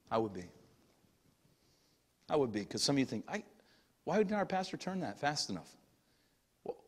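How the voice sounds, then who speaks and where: A middle-aged male pastor preaching a sermon, moving between shouted passages and hushed asides, recorded in a church sanctuary. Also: on the high side. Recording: long church hall reverb.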